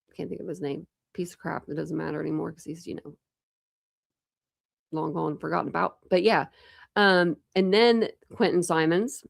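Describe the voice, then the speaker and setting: A woman's voice: mid-range voice, creaky, a little mellow, no room sound, clean studio sound. A woman hosting a casual true crime livestream, rambling chattily with lots of fillers and restarts.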